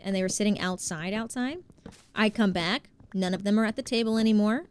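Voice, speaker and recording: A woman's voice: medium pitch, brisk, slight background noise. A woman livestreaming a game, chatting casually, laughing often and greeting her chat. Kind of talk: casual gaming stream chat.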